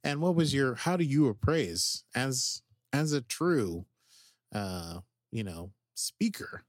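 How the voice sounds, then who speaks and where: An animated man chatting casually on a podcast, recapping a TV episode and slipping into the characters' lines. His voice sits in a middle range, recorded close on a dry mic. Lots of fillers keep the talk loose. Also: mid-range voice, takes it slowly, no room sound. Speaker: podcast co-host.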